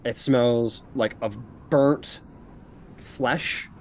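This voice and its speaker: A man's voice: mid-range voice, steady tone, very slow, a little mellow, slight background noise. A man narrating a tabletop game as game master, in a loose, casual style full of fillers. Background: faint background music.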